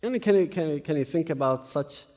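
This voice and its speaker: A man telling a story as a sermon, animated and full of rhetorical questions. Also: a little high, fairly quick. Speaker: preacher. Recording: echoey hall with long reverb.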